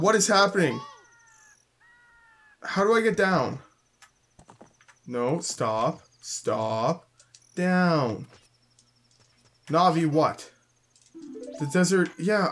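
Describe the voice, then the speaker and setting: A man's voice: a little high, animated, takes it slowly, long pauses, fairly bright tone. Chatty Canadian-raised man narrating gameplay. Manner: chatty, grumbling, jokey, reads game text aloud. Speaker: let's play host. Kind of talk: casual gameplay commentary.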